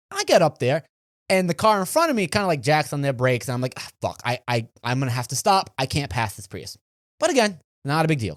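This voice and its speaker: Man, podcast co-host, lively storytelling, swinging pitch, dry close sound. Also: no echo. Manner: animated, acts out quotes, frequent restarts. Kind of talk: casual storytelling chat.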